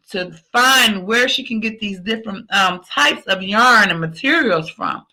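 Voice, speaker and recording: A woman's voice: medium pitch, pushed and bright, poor audio. A woman hosting a podcast, giving an emphatic, repetitive motivational pep talk. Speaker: podcast host.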